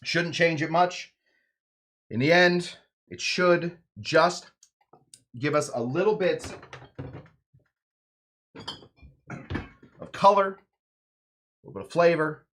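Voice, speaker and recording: A man's voice: fairly high pitch, takes it slowly, pauses often, fairly bright tone. A man hosting a home cocktail show, chatting casually and joking around while he mixes a drink. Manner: playful, jokey, rambling asides.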